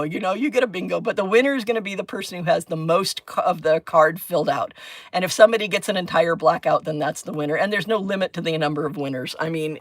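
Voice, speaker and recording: A woman's voice: deep voice, no echo. Chatty middle-aged woman, dry sound. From United States. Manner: chatty, rambling, self-deprecating, laughs often. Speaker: crafting livestreamer, former chemistry teacher. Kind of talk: casual livestream chat.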